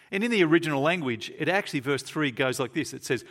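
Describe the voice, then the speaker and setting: A man preaching a sermon in a church, emphatic, repeating key phrases and slowing down to stress them. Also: mid-range voice, very animated, vocal fry, fairly bright tone.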